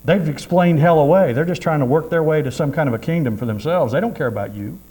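A man's voice: on the high side, fast talker, darkish tone, breathy edge, poor audio. A man preaching a sermon in a folksy, repetitive way, with frequent amens.

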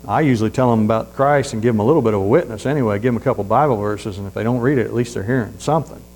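A man preaches in a gravelly voice, spinning folksy stories. He pushes up loud on his main points and sinks to quiet asides. A faint mains hum sits under the recording. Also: lowish voice, very fast, poor audio. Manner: folksy storytelling, rising loud on points then dropping to hushed asides. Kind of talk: sermon.

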